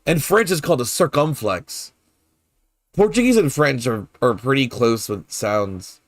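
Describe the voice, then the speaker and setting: Male streamer, casual chat to viewers, hesitant and repetitive, curious and playful, mid pitch, dry close sound. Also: lively intonation, unhurried, no room sound. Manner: hesitant, repeats words while puzzling over pronunciation.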